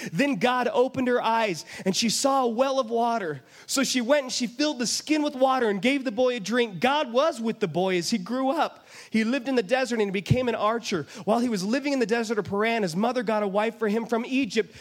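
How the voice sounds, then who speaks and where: A man's voice: very high voice, a little fast, hardly any pauses. A man preaching a sermon, retelling a scripture story with emphatic storytelling and acting out the voices of its people. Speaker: pastor.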